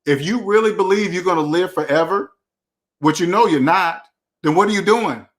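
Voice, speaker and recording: A man with a high-pitched voice hosts a personal finance channel, talking to camera at normal speed in a casual monologue. He's blunt and preachy, uses slangy street talk, and repeats his key phrases for emphasis.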